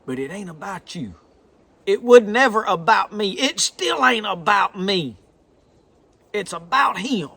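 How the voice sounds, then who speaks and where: A man with a thick Southern drawl preaches in a folksy, earnest way, leaning hard into his points. His voice sits high and bright, with a sharp edge to it. It is recorded close and dry, with no room sound. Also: big pitch swings, a little slow, husky, no room sound. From American South. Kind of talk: sermon.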